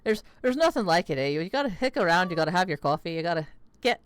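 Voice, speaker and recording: A woman's voice: fairly low pitch, sing-song, smooth, no room sound. A woman putting on an exaggerated rural Canadian accent, playing a jovial folksy local. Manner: folksy, drawn-out, tags lines with "eh".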